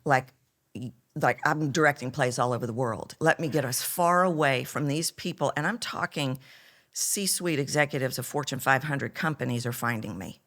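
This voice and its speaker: Woman, Texan accent, middle-aged, low voice, animated storyteller, voice coach. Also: moderate pace. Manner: animated storyteller, acts out quoted lines. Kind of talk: storytelling in a podcast interview.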